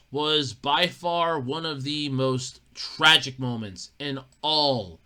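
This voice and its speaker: Ranting on a solo podcast about gaming news, this host is profane and emphatic. When fired up, they restart and repeat, lurching between muttering quietly and shouting.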